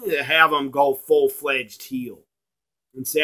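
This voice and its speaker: A man ranting in a blunt, profane video review, slowing down to stress his points. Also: medium pitch, fairly even intonation, bright, forceful tone. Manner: emphatic, slows down to stress points.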